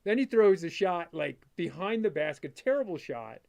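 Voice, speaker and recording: A middle-aged man tells a story as an interview guest, his voice sitting a touch high. He talks in an animated rush, packed with "like" fillers, and acts out his own past remarks. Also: moderate pace, gravelly. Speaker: guest, father of a disc golf player.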